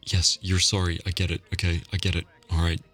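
A man in a whispered role-play, talking in a hushed, flustered, pleading way. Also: low-pitched, flat delivery, brisk, soft background music.

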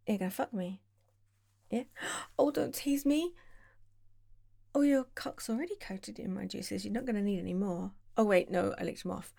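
Slow, gravelly British woman. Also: mid-range voice, dark tone. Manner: breathy, moaning, often dropping to a whisper. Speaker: audio performer. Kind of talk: intimate audio role-play.

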